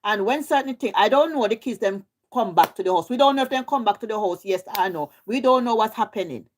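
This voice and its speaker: A woman's voice: a little high, animated, quick pace, noisy background. A Jamaican woman hosting a livestream, ranting heatedly and swearing in repetitive bursts. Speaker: livestream host. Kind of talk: ranting live commentary.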